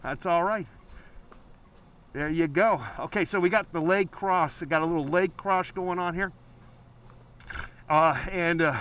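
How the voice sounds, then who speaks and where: A man's voice: on the high side, a bit bright, a little hiss or hum. A man hosting a live call-in painting show, rambling playfully with many fillers.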